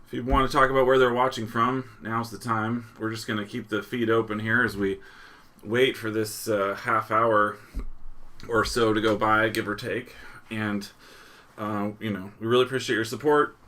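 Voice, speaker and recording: A man's voice: fairly low pitch, fairly even intonation, moderate pace, bright, forceful tone. Casual man hosting a live stream. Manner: casual, reading viewer locations aloud; chuckles often, loose restarts. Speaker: livestream host.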